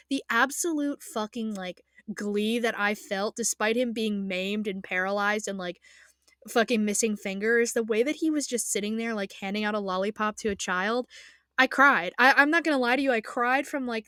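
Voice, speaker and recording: A woman's voice: a little high, fairly bright tone, dry recording, studio quality. A young woman in a casual, emotional rant as an anime fan, passionate and rambling, swearing freely and trailing off into fillers.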